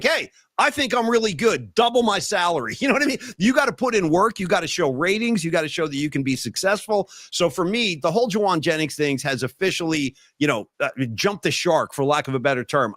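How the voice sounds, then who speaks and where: A man talks sports on a podcast in a bright, ringing voice, pitched a little above most men. He talks animatedly, piling on emphasis as he rants about contracts. The sound is dry and close. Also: expressive, fast, few pauses, dry recording. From San Francisco Bay Area. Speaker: podcast co-host. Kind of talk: casual sports talk.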